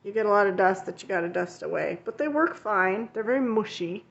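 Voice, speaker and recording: A woman's voice: medium pitch, lively intonation, a little fast, creaky. Chatty woman in a muffled recording. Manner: chatty and rambling, with frequent fillers and self-corrections. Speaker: coloring channel host; art teacher. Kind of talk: casual show-and-tell vlog.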